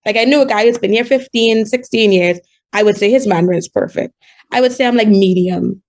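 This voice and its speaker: Chatty Bahamian woman with a gravelly edge. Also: medium pitch, a little mellow. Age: 20s. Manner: chatty, fast, laughs while telling stories. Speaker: guest calling in. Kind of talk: casual chat.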